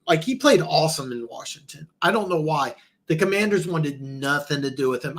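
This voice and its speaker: A man's voice: a little high, animated, normal speed, fairly bright tone. Stammering, rambling male football host. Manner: rambling, many restarts and stammers. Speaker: podcast host. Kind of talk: casual football commentary.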